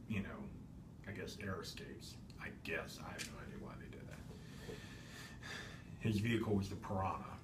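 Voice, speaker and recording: A man casually narrating as he unboxes and shows off a vintage toy, rambling and correcting himself with lots of ums. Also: sits low. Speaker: toy collector vlogger. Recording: echoey room with steady background noise.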